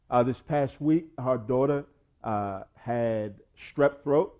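A pastor preaching a sermon, swinging between loud urging and low quiet asides. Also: male voice, slow, muffled recording.

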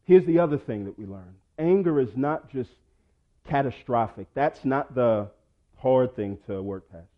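A pastor preaching a sermon, swinging between loud urging and low quiet asides. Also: male voice, lively intonation, measured pace, dull audio.

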